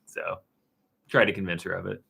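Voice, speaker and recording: A man in his thirties hosting a casual live stream, answering chat questions in a relaxed, rambling way with plenty of fillers and restarts. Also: low voice, moderate pace, gravelly, breathy edge. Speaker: woodworking channel host answering live chat. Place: dark-painted home studio room.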